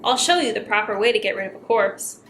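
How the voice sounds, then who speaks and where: A woman's voice: mid-range voice, expressive, fast talker, fairly bright tone, a little hiss or hum. Woman playing a menacing old pig farmer. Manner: gruff, mocking and menacing.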